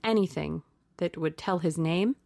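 A woman voicing a young English gentleman who talks languidly, then sharply and urgently. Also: lowish voice, measured pace, vocal fry, dry recording. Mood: startled.

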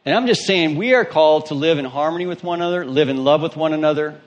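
A man's voice: a little high, quick pace, muffled recording. Emphatic preacher man with a Southern twang. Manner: emphatic, preacherly, asks the listeners questions. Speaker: pastor. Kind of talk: sermon with scripture reading.

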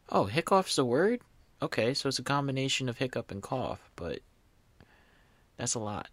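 Bright-voiced young man, dry close mic. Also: medium pitch, very animated, normal speed, no room sound. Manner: laughing, incredulous, stumbling over words. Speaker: podcast host. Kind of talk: casual solo podcast chat reading aloud.

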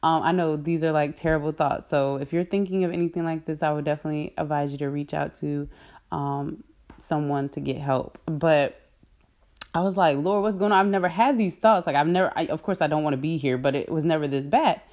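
A woman with a notably low, deep speaking voice tells a personal faith testimony straight to her viewers. She talks casually and earnestly, filling pauses with "um" and "like" and laughing in the middle of sentences. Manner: earnest and animated, with frequent "um" and "like" and laughs mid-sentence.

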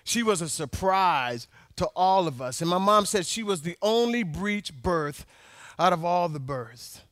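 A man's voice: high voice, lively intonation, measured pace, fairly bright tone, dry recording, studio quality. A male pastor preaching a sermon, telling personal stories with emphatic repetition.

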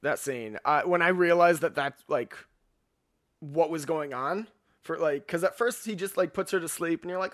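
A young man with a slightly high voice talks eagerly in a casual film discussion. He jokes around and swears freely. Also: normal speed, fairly bright tone. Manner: enthusiastic, joking, swears freely. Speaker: podcast co-host.

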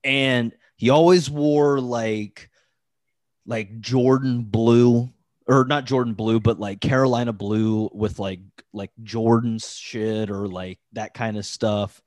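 A man's voice: medium pitch, steady tone, takes it slowly, darkish tone, dry recording, studio quality. A man hosting a podcast, telling a story in casual chat, rambling with lots of "like" fillers and restarts. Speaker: podcast host.

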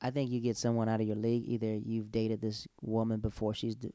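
A man's voice: on the low side, a little fast, dry recording, clean studio sound. A man in casual chat, telling stories with energy and acting out what people said. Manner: animated storyteller, acts out quotes.

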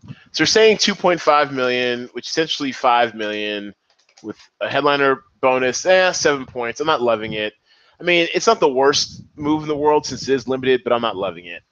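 Excitable male podcast host, lively swinging pitch, dry and slightly dull recording. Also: normal speed, no room sound. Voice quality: excitable, animated. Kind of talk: casual commentary.

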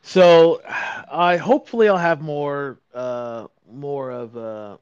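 A man co-hosts a podcast at a very slow, halting pace, pausing often and filling gaps as he talks in casual chat. His voice is smooth, and the recording is dry and slightly dull. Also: fairly high pitch, no room sound. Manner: halting, hesitant, with many fillers and pauses. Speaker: podcast co-host. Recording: dull, dry home-mic sound.

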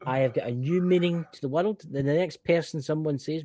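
A man's voice: a little high, fairly quick, few pauses, no echo. A Scottish man from Scotland co-hosting a podcast, chatting casually with lots of exclaiming and restarts. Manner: animated, exclaiming, many restarts. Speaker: podcast co-host. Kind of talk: casual chat.

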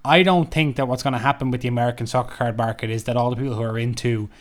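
A man's voice: medium pitch, steady tone, rapid-fire. A man with a mid-range voice co-hosts a casual podcast. His talk is laid-back and loose, winding through thoughts with frequent fillers. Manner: laid-back, rambling, heavy use of "like". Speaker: podcast co-host. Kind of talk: casual chat.

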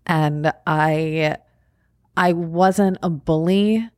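Guest, woman from Long Island, low and dry close voice, calm and reflective. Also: extremely slow, no room sound. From Long Island, New York. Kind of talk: reflective casual conversation.

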